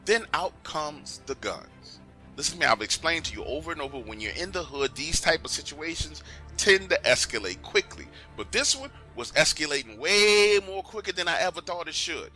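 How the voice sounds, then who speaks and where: A man's voice: on the high side, lively intonation, moderate pace, sharp tone, faint music behind. A man narrating a true story in an emphatic, conversational way, often urging the listener to pay attention.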